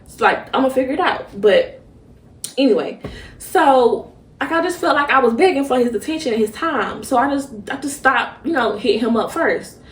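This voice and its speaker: A young woman hosts a podcast, talking through a personal story in a halting, emotional way with many restarts. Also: high voice, animated. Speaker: podcast host. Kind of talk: personal reflective monologue. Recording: roomy echo, mic at a distance.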